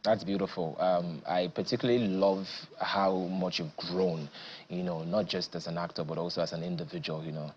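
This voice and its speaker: Deep-voiced male talk host. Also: fairly even intonation, moderate pace, darkish tone, muffled recording, a little hiss or hum. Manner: chatty, laughs easily, agreeable. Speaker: TV show host. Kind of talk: studio interview.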